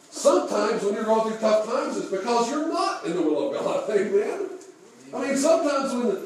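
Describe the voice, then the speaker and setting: A high-pitched male pastor delivers a folksy sermon, chuckling through his own stories and asking the congregation questions. He is picked up from a distance in a very echoey church room. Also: a little mellow. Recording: echoey room, mic far off.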